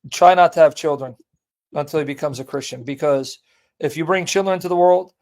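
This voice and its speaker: A man's voice: fairly high pitch, brisk, darkish tone. A man hosting a live call-in debate stream, talking in a blunt, joking, casual way.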